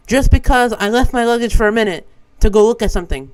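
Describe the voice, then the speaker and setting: A young man with a high voice, a streamer from Brazil whose first language is Portuguese. He tells a story in a loose, animated way and swears freely. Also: quick pace, rough recording. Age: young adult. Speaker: vtuber streamer. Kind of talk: casual storytelling.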